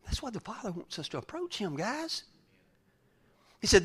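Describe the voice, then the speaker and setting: A man preaching a folksy sermon as pastor, swinging from loud calls to hushed whispers. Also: sits high, sing-song, moderate pace, pauses often, breathy edge.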